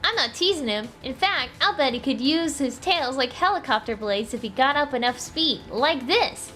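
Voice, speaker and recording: A woman's voice: high-pitched, animated, normal speed, pushed and bright, soft background music. A woman reading a cocky young comic hedgehog hero in a breezy, boastful way.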